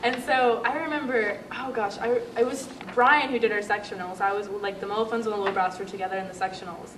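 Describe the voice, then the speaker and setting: A teenage girl, a senior band student, telling lively memories in a casual group interview and acting out quotes with giggles. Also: medium pitch, quick pace. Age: teens. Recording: roomy, distant mic with loud crowd noise.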